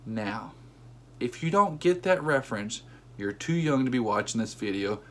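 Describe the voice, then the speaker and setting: A man telling a comedic story about his everyday life, animated, bursting into high-pitched outbursts when he acts out what people said. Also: moderate pace.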